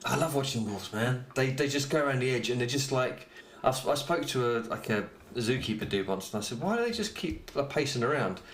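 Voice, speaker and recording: A man's voice: medium pitch, fairly quick. A man co-hosting a podcast, rambling in casual chat and swearing freely. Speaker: podcast co-host. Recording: echoey room with faint noise.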